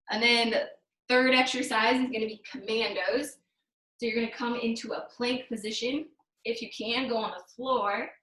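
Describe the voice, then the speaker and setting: A woman's voice: on the high side, a bit bright, slight background noise. A woman fitness instructor leading a live online workout class, giving step-by-step cues while she demonstrates the moves. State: out of breath. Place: room at home during video call. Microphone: video call. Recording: echoey room.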